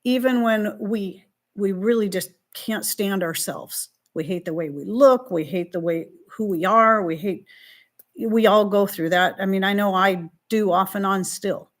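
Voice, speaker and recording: A woman's voice: medium pitch, a little slow. A middle-aged woman hosting a live stream, talking through viewer questions in a heartfelt, faith-filled way, rambling and restarting, fighting back tears. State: emotional, near tears.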